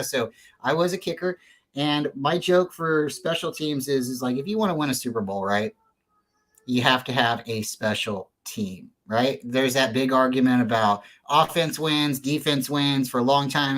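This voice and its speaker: A man at an ordinary middle pitch chats as a guest, telling long earnest stories. He rambles, leans on fillers and often restarts his sentences in an easygoing, casual way. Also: a little fast, fairly bright tone, poor audio. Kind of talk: casual storytelling interview.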